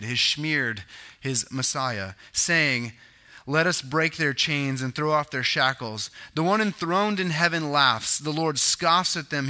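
Male pastor, sermon, chatty teaching tone with asides, bright and forceful. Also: medium pitch. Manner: conversational teaching with asides and self-corrections.

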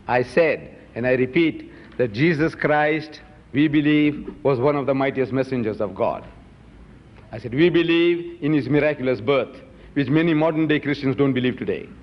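A man answering audience questions at a public debate, emphatic and full of rhetorical questions. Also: fairly high pitch. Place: lecture hall. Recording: dull lo-fi hall with long reverb.

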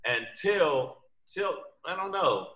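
A man's voice: on the high side, expressive, takes it slowly, bright, forceful tone, echoey room. A man, a fighter guest on a podcast, talking emphatically and swearing. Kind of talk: casual chat on a video call.

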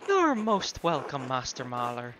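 A man voicing a gracious innkeeper's wife, reading game dialogue in a slow, soft, sultry way. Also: mid-range voice, huge pitch swings, noisy background, pitched below the performer's own voice.

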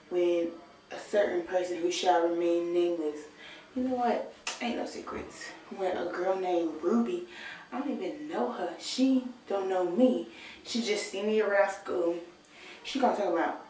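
A teenage high school girl, talking sassy and playful in a video diary from her bathroom. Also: unhurried, darkish tone, very echoey, far from the mic, a little hiss or hum, low-quality recording. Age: teens. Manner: sassy, playful, talks to the camera. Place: bathroom with shower.

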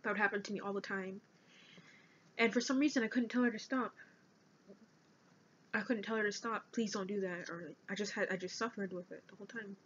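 Halting, earnest young woman on a lo-fi recording. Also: mid-range voice, steady tone, fairly bright tone, slight background noise. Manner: halting, earnest, reading from notes. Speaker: vlogger. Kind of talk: personal confessional vlog. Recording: dull lo-fi recording.

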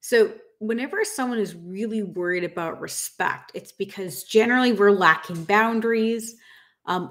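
A woman in her thirties, a dog grooming business coach, ranting frankly and emphatically to camera and calling her viewers "guys". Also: medium pitch. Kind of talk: casual rant to camera.

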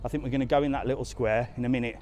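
Chatty man with a mellow voice on a walk. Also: medium pitch, steady tone, rapid-fire. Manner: chatty, points things out, answers live comments. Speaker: travel vlogger on a live walk. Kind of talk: casual live walking chat. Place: outdoors in a resort town streets and squares.

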